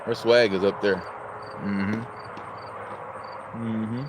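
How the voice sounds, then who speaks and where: A livestream host from Illinois, United States, chats casually, greets viewers and reads their chat messages aloud. His voice is on the low side and level in tone, he speaks very slowly, and the background is noisy.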